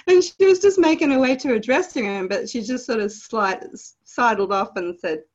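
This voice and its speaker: A woman from Australia with an Australian accent, telling stories from her past as a guest in an interview with animated, vivid detail. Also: on the high side, a little slow, lo-fi sound. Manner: animated, vivid storytelling with laughs. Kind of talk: storytelling in a podcast interview.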